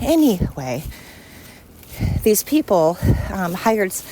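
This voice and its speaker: A woman's voice: medium pitch, sing-song, unhurried, pauses often, mellow, a little hiss or hum. A woman hosting a podcast, talking at home in a frank, rambling monologue as she vents. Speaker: podcast host. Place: at home with her dog.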